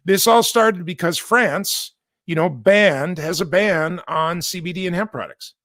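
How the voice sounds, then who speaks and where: An American host gives casual news commentary, chatting loosely, drifting into asides and correcting himself along the way. His voice is a bit high for a man, unhurried, with a sharp tone. The recording is dry and close, with no room sound.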